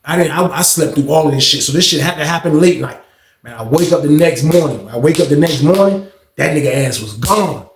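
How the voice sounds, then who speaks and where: A man telling a story casually and animatedly, jumping up in pitch to act out other voices. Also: a little fast. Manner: animated, acting out voices with big pitch jumps. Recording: echoey room.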